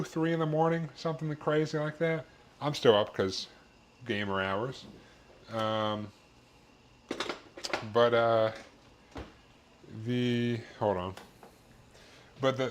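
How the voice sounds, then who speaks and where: Man, streamer, casual cooking chat, rambling, filler-heavy, swears casually, mid pitch, faint background noise.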